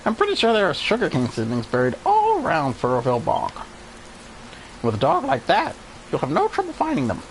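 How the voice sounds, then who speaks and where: A squeaky gravelly rat thug. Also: male voice, huge pitch swings, fairly quick, a little hiss or hum, low-quality recording. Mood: cowed. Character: cheeky squeaky male rat gang leader.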